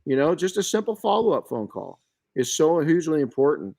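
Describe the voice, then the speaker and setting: A middle-aged man hosting a podcast, chatting casually and telling stories in an animated way, often restarting his sentences. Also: fairly high pitch, fairly quick, creaky. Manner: storytelling, animated, frequent restarts and self-corrections. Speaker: podcast host.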